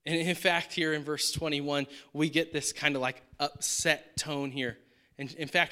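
A man's voice: fairly high pitch, normal speed, pushed and bright. A man preaching a sermon in a conversational, emphatic way, often checking in with the congregation. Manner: conversational, emphatic, frequent rhetorical "right?". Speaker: pastor.

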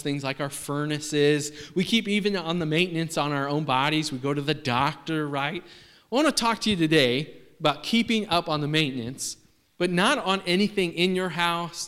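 This pastor's voice is a little high, a bit bright, and smooth. He jokes casually through a sermon to the congregation, filler words and all, and the large church hall gives the recording a long reverb.

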